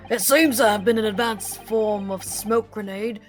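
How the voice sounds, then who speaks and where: A woman voicing a measured, formal male prosecutor with a lowered voice. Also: faint music behind, close to an everyday voice.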